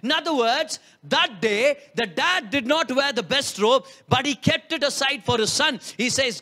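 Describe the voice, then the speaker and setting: A man's voice: very high-pitched, lively intonation, moderate pace, hardly any pauses, sharp tone. A man preaching a sermon, emphatic, asking rhetorical questions and repeating key lines. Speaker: pastor.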